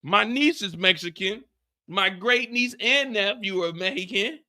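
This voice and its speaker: A man hosting a live TV after-show, ranting in an animated, profane way. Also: high voice, measured pace. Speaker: host.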